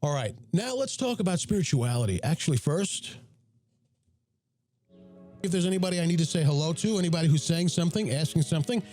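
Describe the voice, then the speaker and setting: Hoarse, raspy man hosting a podcast. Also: lively intonation, fairly quick, darkish tone, faint music behind. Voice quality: deep, raspy. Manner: chatty, blunt, self-promoting. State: hoarse from a cold. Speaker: podcast host. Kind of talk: casual livestream talk.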